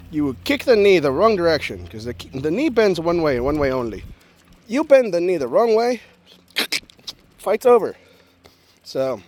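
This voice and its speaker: A man with a high voice tells a story straight to camera, and his pitch jumps all over the place. He jokes his way through it and acts out each person in his tale. The delivery is loose and casual, like a vlogger talking to his viewers. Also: slight background noise. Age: adult with a young daughter. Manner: animated and joking, acts out the people in his story.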